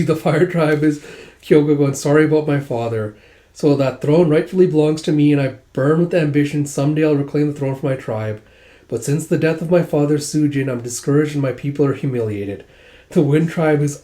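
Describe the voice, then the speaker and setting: Male manga reader: casual readthrough, slightly high voice, mellow tone. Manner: paraphrases scenes and reads dialogue aloud with "it's like".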